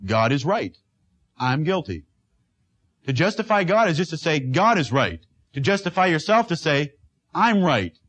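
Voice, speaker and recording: High-voiced preaching man. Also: big pitch swings, moderate pace, long pauses, a bit bright. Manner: emphatic, repeating a refrain; asks the congregation questions. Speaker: pastor. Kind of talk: sermon.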